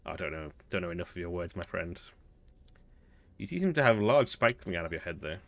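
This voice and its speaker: A man's voice: low voice, sing-song, brisk, creaky, fairly bright tone. A man casually commenting on his gameplay, chatty and amused, thinking aloud as he goes. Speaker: gaming video host.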